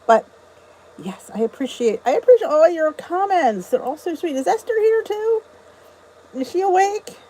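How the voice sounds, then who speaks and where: A woman's voice: very high voice, big pitch swings, normal speed, dark tone, low-quality recording. A middle-aged American woman hosting a casual livestream from home, chatty and bubbly, greeting viewers and reading their comments. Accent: US English. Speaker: YouTube livestream host. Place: indoors at home. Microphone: phone or camera on a stand.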